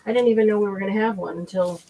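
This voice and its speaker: A woman's voice: mid-range voice, fairly even intonation, very fast, rough recording. A woman hosting a live crafting session, chatting casually and thinking aloud as she works. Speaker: crafting host. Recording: loud background noise.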